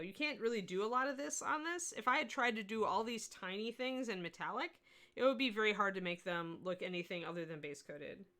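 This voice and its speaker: Bright-voiced woman teaching miniature painting. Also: mid-range voice. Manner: chatty, answers viewer chat while painting. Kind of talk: casual livestream painting lesson.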